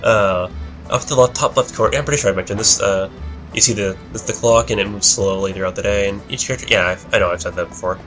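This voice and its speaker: A young man in his late teens talks through a video game in a low voice. He mumbles and rambles, correcting himself as he goes, with faint game music under him. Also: quick pace, fairly bright tone. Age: young adult. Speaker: let's play commentator. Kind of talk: casual gameplay commentary.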